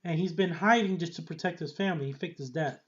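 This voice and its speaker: Rambling, excitable man reviewing a show. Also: a little high, fast talker, highs cut off. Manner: rambling, excitable, laughs often. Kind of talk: casual review vlog.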